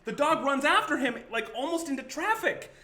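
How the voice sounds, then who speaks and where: A man tells a chaotic story on a late-night stream, his high voice very bright and swooping all over. He laughs through it and acts out each moment with big energy. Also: normal speed. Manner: animated, laughing, acts out the scene and shouts quotes. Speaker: show host. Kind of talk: animated storytelling on a live stream.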